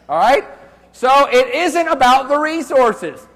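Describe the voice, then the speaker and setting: Male lecturer, high and expressive, loud, jokey and crude, recorded live in a reverberant hall. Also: slow pace, a crowd in the background. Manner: loud, animated, joking and profane. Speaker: university lecturer. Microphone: handheld microphone.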